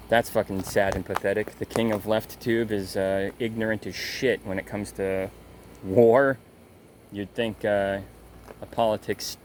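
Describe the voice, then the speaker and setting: A man ranting in a casual, angry and mocking way, swearing often, with faint noise behind him. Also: on the low side. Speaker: commentator. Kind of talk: casual rant.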